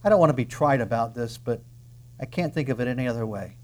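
A man preaching a sermon emphatically, asking rhetorical questions and dropping into soft asides. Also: medium pitch, quick pace. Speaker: pastor.

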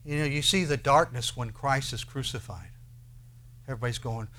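A man preaching a sermon, who swings between loud declarations and quiet asides and asks his listeners many rhetorical questions. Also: mid-range voice, moderate pace. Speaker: pastor.

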